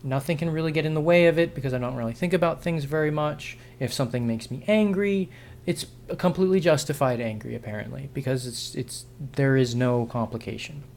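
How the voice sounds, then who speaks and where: A man's voice: medium pitch, fairly quick, creaky, a little mellow. Frustrated, sarcastic man ranting to camera. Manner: frustrated, sarcastic and rambling, with many restarts. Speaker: vlogger. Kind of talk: unscripted opinion monologue to camera.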